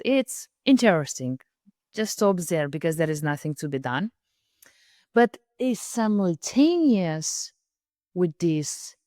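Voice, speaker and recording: A woman hosting a podcast, speaking thoughtfully and haltingly, with an occasional soft laugh. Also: low voice, dry recording, clean studio sound. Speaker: podcast host. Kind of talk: reflective conversation.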